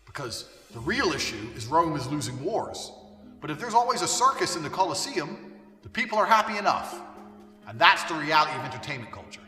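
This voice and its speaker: An online commentator rants bluntly, with plenty of profanity, in a monologue. His medium-pitched voice sounds pushed and bright, picked up far from the mic in an echoey hall with faint music behind him.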